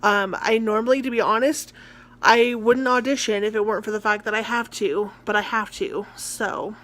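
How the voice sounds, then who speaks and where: Rambling young American woman, slightly high. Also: steady tone, moderate pace, a bit bright. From United States. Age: young adult. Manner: rambling, ranting, heavy on filler words. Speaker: college theatre student vlogger. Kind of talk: casual vlog chat.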